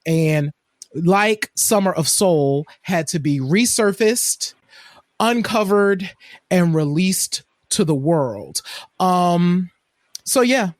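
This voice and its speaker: A man's voice: high voice, lively intonation, takes it slowly, no room sound, clean studio sound. A man co-hosting a podcast, talking in a chatty, digressive way. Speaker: podcast co-host. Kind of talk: casual chat.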